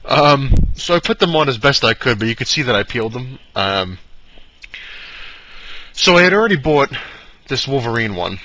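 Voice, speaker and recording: A man's voice: mid-range voice, lively intonation, moderate pace, pauses often, sharp tone, no echo. A young man telling a long, rambling anecdote to the camera at home, acting out both sides of the exchange and leaning on "I was like" over and over. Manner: chatty storyteller who keeps repeating "I was like". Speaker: comic collector vlogger. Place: home with pets around. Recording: dull lo-fi recording.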